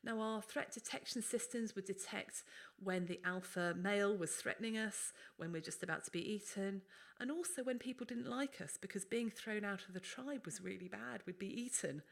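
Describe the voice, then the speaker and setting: Lady doctor running a webinar, chatty explainy tone, mid-pitched voice. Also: moderate pace, creaky. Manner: explanatory and conversational. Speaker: doctor and workshop presenter. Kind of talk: webinar presentation.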